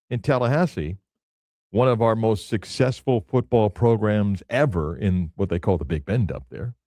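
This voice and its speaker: A man hosting a sports talk radio show in a relaxed, conversational way, filling pauses with "uh" and "um." His voice sits low and mellow. The studio sound is close and dry. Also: no echo. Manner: loose and conversational, many fillers.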